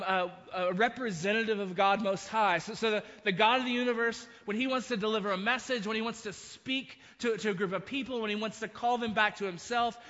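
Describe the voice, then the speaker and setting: A man's voice: high-pitched, sharp tone, long reverb tail, lo-fi sound. A man preaching a sermon, retelling a story with frequent restarts and asides. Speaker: pastor.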